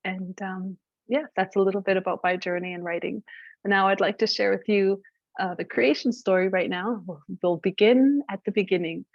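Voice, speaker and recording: Lively woman storyteller, dry, lo-fi sound. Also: mid-range voice, normal speed, no room sound. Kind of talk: oral storytelling to an audience. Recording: dull, dry lo-fi recording.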